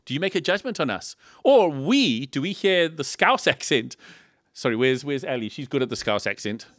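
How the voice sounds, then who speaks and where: A man's voice: mid-range voice, normal speed, no echo. Guy preaching, tons of rhetorical questions and little jokes, dry close sound. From South Africa. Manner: lively, rhetorical questions and humorous asides. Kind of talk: sermon. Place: church in Liverpool.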